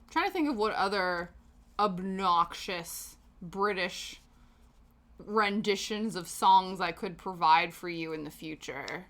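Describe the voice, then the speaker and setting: A woman's voice: fairly low pitch, slow pace, a bit bright. A woman from Canada hosting a livestream, chatting casually while knitting, self-mocking and laughing often. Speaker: livestream host.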